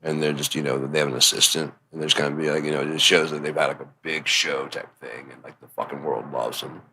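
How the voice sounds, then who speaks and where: A man riffing through a rambling comic monologue, swearing freely, laughing at his own ideas and dropping to a low mumble as he thinks aloud. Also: fairly even intonation, brisk, noisy background. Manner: drops to a quiet mumble while thinking aloud. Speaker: channel host.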